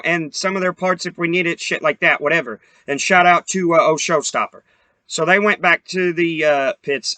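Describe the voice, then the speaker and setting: A man's voice: high-pitched, bright, forceful tone, no room sound. A young man hosting a podcast, telling a story in a profane, heated, rambling way. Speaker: podcast host. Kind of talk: casual storytelling rant.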